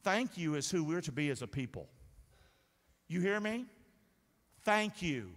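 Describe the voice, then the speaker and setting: Animated, bright-voiced male preacher. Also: on the high side, unhurried. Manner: preaches with call-and-response questions. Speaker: pastor. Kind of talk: sermon. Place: church sanctuary. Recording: reverberant sanctuary sound.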